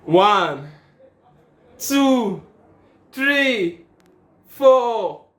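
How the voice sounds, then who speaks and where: A man talks casually to camera, swings between pleading, counting and swearing, and gets excitable. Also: high-pitched, drawn-out words, roomy sound. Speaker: gambling vlogger. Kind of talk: casual narration and live reactions.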